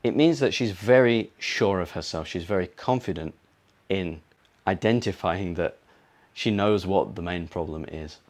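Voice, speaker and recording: A British man teaching a pronunciation lesson, explaining slowly and repeating words to model them. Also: fairly low pitch. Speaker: English teacher.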